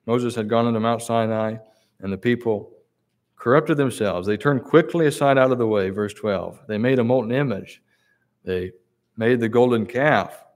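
A man preaching a sermon, reading Bible verses aloud and repeating key words for emphasis. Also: mid-range voice.

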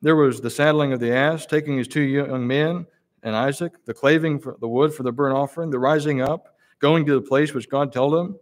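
A man preaching a sermon. He reads scripture in King James wording and presses the listeners with slow, emphatic rhetorical questions. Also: mid-range voice, steady tone.

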